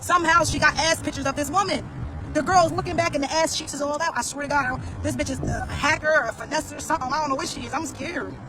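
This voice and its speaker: New guy ranting a story to the camera, high voice, talks real fast, cussing and slangy. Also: fairly even intonation, over music, a crowd in the background, rough recording. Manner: blunt, profane, slangy storytelling; repeats phrases, talks straight to viewers. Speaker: vlogger. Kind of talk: casual storytime rant.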